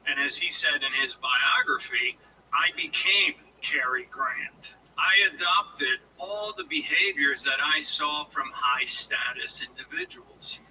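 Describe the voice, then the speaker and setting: A former law enforcement officer giving a motivational lecture, coaching his audience in a deliberate, demonstrative way, recorded from a distance. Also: fairly high pitch, bright, forceful tone, a little hiss or hum.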